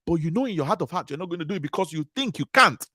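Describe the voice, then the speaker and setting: A man's voice: a little high, animated, rapid-fire, pushed and bright, no echo, studio quality. Emphatic man giving a motivational talk. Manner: repetitive, emphatic preaching cadence. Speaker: conference speaker.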